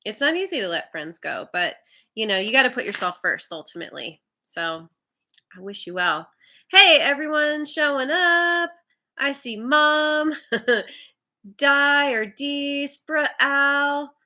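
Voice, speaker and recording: Viewer names trip her up as she chats on her live tarot reading stream. Her voice is high, expressive, pushed and bright, and she speaks slowly, laughing often and staying relaxed and encouraging with her audience.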